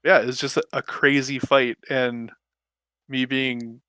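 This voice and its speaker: A man co-hosting a casual gaming podcast, laid-back and recounting game fights in a relaxed way. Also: medium pitch, a little slow, smooth, no room sound. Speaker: podcast co-host.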